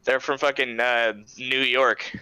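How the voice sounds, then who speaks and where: A man's voice: medium pitch, little pitch movement, a little slow, bright, forceful tone, clean tone, no echo, low-quality recording. A young man hosting a podcast, chatting casually, laid-back, swearing and laughing often. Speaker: podcast host. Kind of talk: casual chat.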